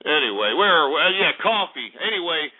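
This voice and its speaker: A man's voice: a little high, big pitch swings, moderate pace. A man hosting a talk-radio show, ranting sarcastically and profanely about commodity prices. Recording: phone-like radio broadcast.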